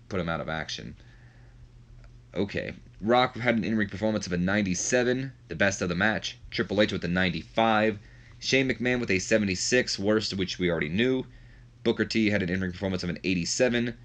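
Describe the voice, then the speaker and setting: A man chatting his way through a wrestling management game, with casual, self-deprecating commentary. His voice is low-pitched yet bright and forceful, and he often restarts his sentences. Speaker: game streamer. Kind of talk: casual let's-play commentary.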